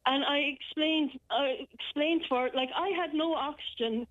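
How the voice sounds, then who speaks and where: An Irish woman phoning in, telling a frightening personal account in a halting, shaken way with many restarts. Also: sits high, a bit bright. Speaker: caller. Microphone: telephone. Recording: muffled telephone line.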